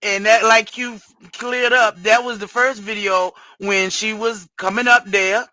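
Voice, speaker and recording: A woman's voice: mid-range voice, fairly even intonation, unhurried, pushed and bright, no echo, poor audio. A middle-aged woman hosting a casual livestream, blunt and cussing freely. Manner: blunt, salty, cussing and exasperated. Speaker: livestream host.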